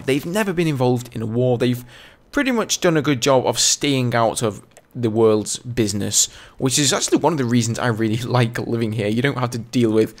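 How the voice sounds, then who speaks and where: A young man from England with an English accent, a gaming channel host telling a casual story in a chatty, rambling way. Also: mid-range voice. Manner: chatty and rambling, full of "you know".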